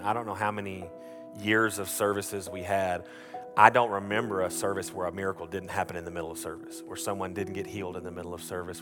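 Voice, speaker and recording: Male pastor, low-ish voice, storytelling sermon with many restarts, music bed underneath.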